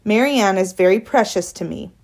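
A woman voicing a shrill, fussy mother who panics easily, her voice pitched high and loud. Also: brisk, gravelly. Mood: fretful.

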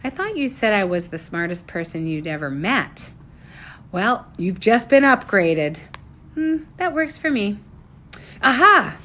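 A woman voicing a bright, determined young girl inventor in a storybook reading, in a raised, lively girlish tone. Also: medium pitch, unhurried, heavily acted. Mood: playful.

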